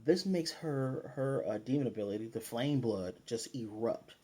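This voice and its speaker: A man with an ordinary mid-pitched voice reviews an anime episode in a relaxed, chatty way. He retells each scene as he goes and slips in quick paraphrased character lines. His delivery is loose, full of fillers and restarts. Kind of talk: casual episode recap and review.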